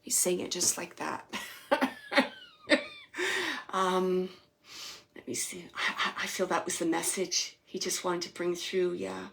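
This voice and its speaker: A woman hosting a live psychic reading, relaying messages to a sitter in a searching, hesitant way with many fillers and soft, near-whispered asides. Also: fairly low pitch, little pitch movement, takes it slowly, gravelly, long pauses. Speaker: psychic medium host.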